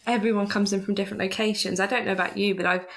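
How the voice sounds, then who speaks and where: Young Southern English woman, gravelly voice. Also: medium pitch, steady tone, racing, fairly bright tone. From Hampshire, England. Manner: chatty, laughs easily. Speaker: guest. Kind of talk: casual podcast chat.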